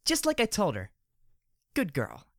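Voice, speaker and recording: A tough, weary mare speaks bluntly with a slight drawl, a man putting her on. Her voice sits higher than a man's usual. The sound is dry and close. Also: huge pitch swings, measured pace, a bit bright, no room sound, heavily acted. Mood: approving.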